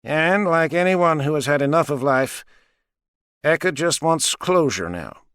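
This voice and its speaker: A detached, powerful president played by a male reader who explains things in a dry, lecturing tone. His voice sits somewhat raised and lively, close and dry. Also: a little high, measured pace, clean tone, no echo, voice pushed up. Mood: cool, detached. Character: cold, powerful male president, matter-of-fact.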